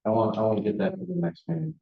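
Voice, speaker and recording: A man's voice: medium pitch, expressive, rapid-fire, gravelly, echoey room, phone-quality sound. A man speaking as a board trustee at a village meeting, insistent and accusatory. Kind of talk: heated public meeting debate. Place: village hall meeting room.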